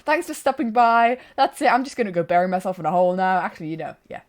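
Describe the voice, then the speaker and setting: A woman's voice: medium pitch, lively intonation, fast. A woman streaming a game, chatting casually, giggling and poking fun at herself, speaking close to a desk mic. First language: bilingual. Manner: chatty, giggly, self-mocking. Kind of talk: casual live-stream chat.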